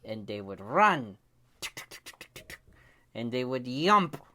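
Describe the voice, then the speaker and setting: A man spins a bedtime tale for his kids in a slow, unhurried voice. His pitch rises and falls widely, and his tone is bright and clear. He sinks to near whispers for the scary parts. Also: sing-song. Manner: slow, hushed, then shrieking kid voices. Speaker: storyteller dad. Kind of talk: bedtime story for children.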